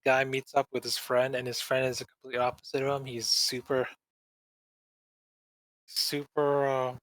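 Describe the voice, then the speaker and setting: A man's voice: mid-range voice, completely flat delivery, measured pace, a bit bright, dry recording, rough recording. Rambling slangy man, dry close sound. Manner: rambling, slangy, mimics characters in exaggerated voices. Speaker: podcast co-host. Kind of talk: casual podcast chat.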